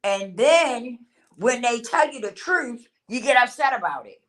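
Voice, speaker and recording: A woman's voice: fairly high pitch, expressive, unhurried, fairly bright tone. A woman vlogger in a blunt, repetitive talking-to-camera rant who swears casually and laughs often.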